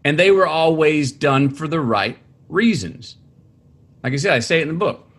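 A husky-voiced man recalls his upbringing in conversation. His pitch leaps and dips as he acts out relatives, and between quotes he stops and restarts sentences while he searches for words. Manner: halting, many restarts, animated quoting of family. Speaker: interview guest, author. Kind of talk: conversational storytelling.

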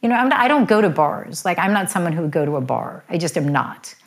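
Interview guest: middle-aged woman, lowish voice, candid, talks fast and loose with filler words. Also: sing-song. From United States. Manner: chatty, fast, full of "like" fillers. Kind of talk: candid personal storytelling.

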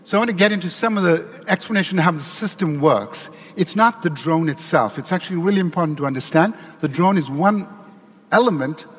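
A fairly high-voiced man gives a talk at a conference, speaking plainly and conversationally to the audience. His voice carries a long echo from the hall he is speaking in. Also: expressive, a little fast, slightly rough. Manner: conversational and explanatory, addressing a live audience. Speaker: conference panelist.

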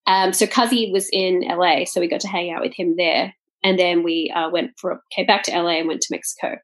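A woman's voice: fairly low pitch, steady tone, brisk. A woman co-hosting a casual podcast chat, talking freely with many fillers and frequent laughs. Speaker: podcast co-host.

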